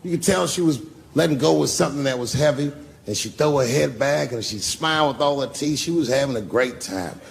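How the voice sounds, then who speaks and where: Gravelly-voiced profane stand-up comedian. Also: male voice, mid-range voice, fairly quick. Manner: profane, loose conversational delivery. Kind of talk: live stand-up storytelling.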